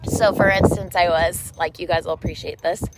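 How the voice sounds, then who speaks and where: Encouraging woman over loud noise. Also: fairly low pitch, steady tone, moderate pace. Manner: reflective, encouraging, builds on repeated phrases. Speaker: fitness instructor. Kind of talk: motivational talk during a workout class. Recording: loud background noise with clicks.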